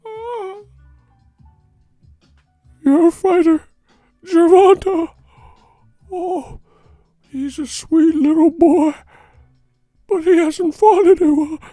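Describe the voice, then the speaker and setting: A man mimicking a pundit with a high, quavering, drawn-out ghostly wail. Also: warm tone, no room sound, studio quality, soft background music, heavily acted. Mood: mocking wail. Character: ghostly wailing male boxing pundit mockery.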